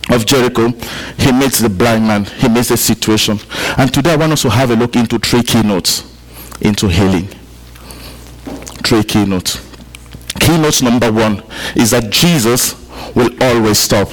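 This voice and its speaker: A man's voice: medium pitch, low-quality recording. A man from Africa preaching a sermon to a congregation, repeating key points for emphasis and chatting with the listeners. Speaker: pastor. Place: church service.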